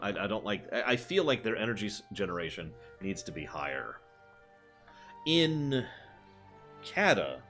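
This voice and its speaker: A man streams a game and talks through it in a low voice that leaps up and down with animation. He chats casually and answers his viewers as he goes, with soft music playing underneath. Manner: animated, chatty, answers chat. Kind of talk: casual gameplay commentary.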